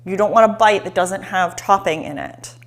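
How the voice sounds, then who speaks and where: Excitable woman hosting a live cooking demo. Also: medium pitch, moderate pace. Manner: chatty and excitable, talks straight to viewers. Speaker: cooking show host. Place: home kitchen.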